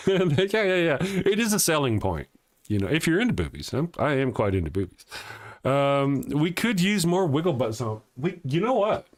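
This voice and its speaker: A man's voice: a little high, big pitch swings, normal speed. A man hosting a casual live morning show, reading viewer comments aloud and joking, often chuckling as he talks.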